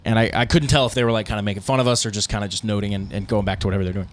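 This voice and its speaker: A man's voice: lowish voice, fairly even intonation. A man co-hosting a podcast, telling stories in casual, rambling chat with lots of fillers. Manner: fast, rambling storytelling with fillers. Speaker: podcast co-host, band guitarist.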